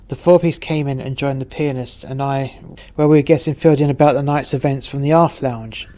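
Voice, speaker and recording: A man tells a rowdy story in a deadpan, profane manner. His delivery stays flat, with little rise or fall in pitch. His pitch sits in an ordinary middle range. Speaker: narrator. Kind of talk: storytelling narration.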